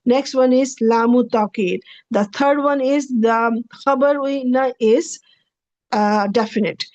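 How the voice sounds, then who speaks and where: Lecturing on grammar over slides, a woman who teaches Arabic uses a slightly high voice with a darkish tone. She goes patiently, repeating and rephrasing every point and checking in with "okay" before the next one, all captured in a dry, close recording without room sound.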